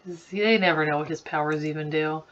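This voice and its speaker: Looking back at the slideshows she made as a child, a woman of about thirty talks over a screen recording, giggling and saying "like" constantly. She speaks a little fast in a low voice, recorded from a distance with slightly muffled lo-fi sound.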